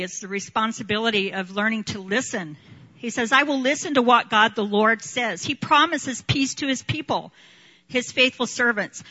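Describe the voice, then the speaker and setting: A woman's voice: mid-range voice, sharp tone, lo-fi sound. A woman preaching to a congregation in a conversational way, laughing often and acting out little dialogues. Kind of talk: sermon. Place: church hall with a live congregation.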